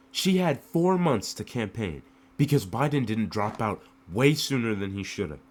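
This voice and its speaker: Speaking to the camera, an American man delivers an emotional political rant packed with rhetorical questions and repeated phrases. His pitch is medium.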